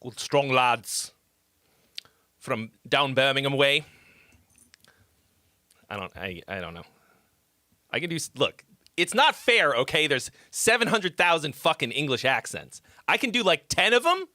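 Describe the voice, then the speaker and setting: A man's voice: a little high, huge pitch swings, moderate pace, pushed and bright, no echo, studio quality. A man hosting a casual live stream, reading out chat messages and joking around with loose, profane banter. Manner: reads chat messages aloud. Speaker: livestream host reviewing songs.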